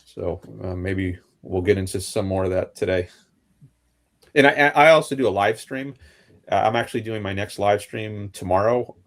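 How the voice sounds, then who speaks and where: A man introducing himself earnestly on an online panel, speaking in a measured way and now and then clearing his throat. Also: on the low side. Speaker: YouTuber and panel guest.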